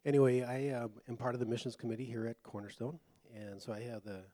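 A man on a church missions committee, introducing guest speakers in a relaxed, rambling way with many fillers. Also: mid-range voice, fast talker, dry recording. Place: church sanctuary.

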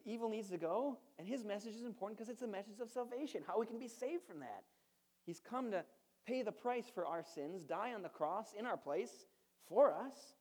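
A man's voice: high voice, a little mellow. A male pastor giving a sermon in a conversational style, asking the congregation rhetorical questions and adding playful asides.

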